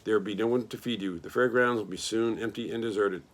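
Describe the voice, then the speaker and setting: A man voicing a calm, wise female spider who speaks gently and measuredly. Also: lowish voice, quick pace, close to an everyday voice. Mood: firm.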